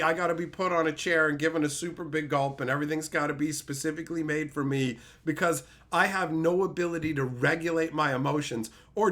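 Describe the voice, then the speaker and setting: A man's voice: fairly high pitch, fairly bright tone. A man streamer ranting in a profane, mocking way, mimicking people in silly voices. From Canada. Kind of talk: ranting commentary.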